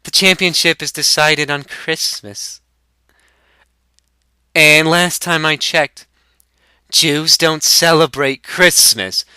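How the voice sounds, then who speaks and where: A man's voice: a little high, slow, long pauses, sharp tone, clean tone, no echo, pitched above the performer's own voice, exaggerated voice. A man putting on a smug young stoner. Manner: smug, crude trash talk. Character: cocky profane young male stoner.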